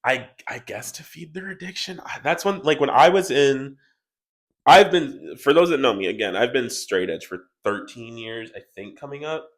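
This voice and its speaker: A man's voice: mid-range voice, lively intonation, moderate pace. A young man co-hosting a casual podcast, rambling through work stories and acting out what people said. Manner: rambling storyteller, acts out quotes. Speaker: podcast co-host. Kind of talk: casual chat.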